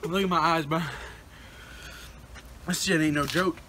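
Young male vlogger, excitable and profane, high-pitched, noisy recording. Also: measured pace. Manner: profane, excitable, loud exclamations. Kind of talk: casual challenge vlog. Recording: noisy background.

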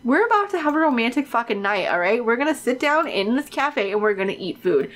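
A woman giving casual, excitable gameplay commentary on her own let's play, chatty and swearing freely. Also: on the high side, fast talker.

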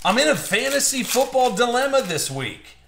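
A man's voice: very high voice, big pitch swings, normal speed, roomy sound, slight background noise. A man hosting a live-streamed trading card box break, chatty and upbeat, joking with viewers as he opens packs. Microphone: streaming mic.

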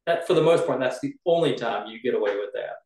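A man's voice: medium pitch, animated, quick pace, a little mellow, reverberant, poor audio. A man coaching writers in a casual chat, explaining with homey examples. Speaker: writing coach.

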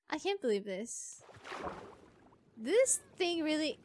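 A woman streamer giving casual gameplay commentary, excitable and pleading as she coaxes a pet. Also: sits high, extremely slow, no echo.

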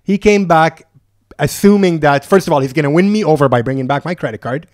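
A man with a slightly high voice tells a travel story on a podcast, casual and animated. He swears freely and slips into the voices of people he met as he acts out their lines. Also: brisk. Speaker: podcast guest.

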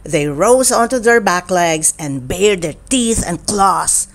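A woman reading a children's picture book aloud in an expressive storytelling manner. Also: fairly low pitch. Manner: slow, expressive and animated reading. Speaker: storybook reader.

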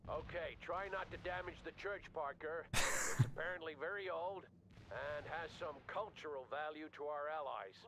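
An actor playing an authoritative American colonel giving orders in a war game. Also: male voice, a little high, normal speed, pauses often, natural voice. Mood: commanding. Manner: curt, authoritative. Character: bold commanding male American colonel. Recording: game audio over game music.

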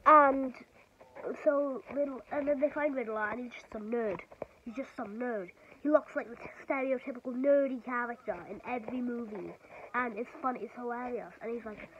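A woman vlogger excitedly rambling through a film recap from memory, full of filler words. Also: fairly high pitch, a little fast, highs cut off, slight background noise.

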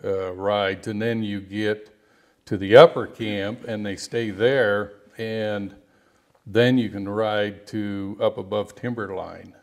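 Low gravelly-voiced rancher man. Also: fairly even intonation. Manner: rambling, halting storyteller with many restarts. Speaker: rancher and outfitter. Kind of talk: storytelling interview guest.

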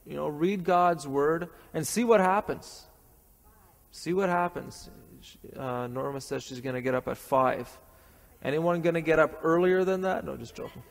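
Male priest from Canada, lively joking homily, slightly high voice, long hall reverb. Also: normal speed, vocal fry. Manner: lively, joking, with many restarts. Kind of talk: morning homily.

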